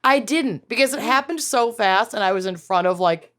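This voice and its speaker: A woman's voice: fairly high pitch, moderate pace. A woman co-hosting a podcast in casual chat, telling stories with dramatic retellings. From Minnesota. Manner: animated storyteller, dramatic retelling. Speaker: podcast co-host.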